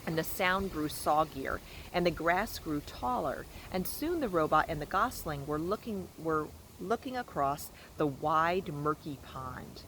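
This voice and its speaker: A woman's voice: deep voice, lively intonation, unhurried, fairly bright tone, slight background noise, poor audio. A woman reading a children's novel aloud outdoors in a backyard fort, recorded on a phone, with casual asides. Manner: casual asides between narration. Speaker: storybook reader.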